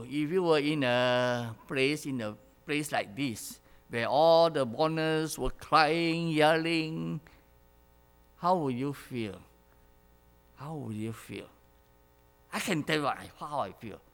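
A man's voice: fairly high pitch, a bit bright, clean tone. A man preaching a sermon who asks the congregation questions, repeats his phrases and chuckles now and then. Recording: long hall reverb.

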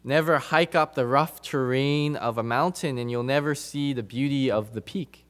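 A man preaching a sermon to his congregation, emphatic, repeating phrases for stress and moving between loud and soft passages. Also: medium pitch, normal speed.

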